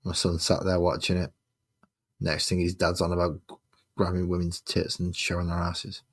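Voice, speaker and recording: A man's voice: sits low, completely flat delivery, normal speed, breathy edge. A man streaming his miniature painting, chatting casually and muttering sarcastic asides to himself as he works. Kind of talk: casual chat while painting.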